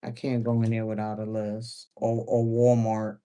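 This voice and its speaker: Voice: medium pitch, completely flat delivery, moderate pace, mellow. A sewing livestream host chatting casually while working, laughing often and repeating phrases.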